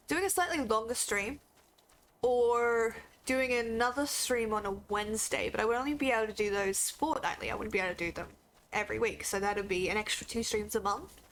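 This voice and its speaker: A woman's voice: on the high side, fairly bright tone. A woman from Australia chatting casually on a gaming stream, tired and sick, chatty and self-deprecating.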